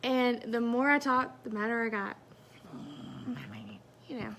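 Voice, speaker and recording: A woman's voice: on the high side, fairly even intonation, measured pace, a bit bright, slight background noise. A woman telling a personal story in a casual, chatty, self-mocking way.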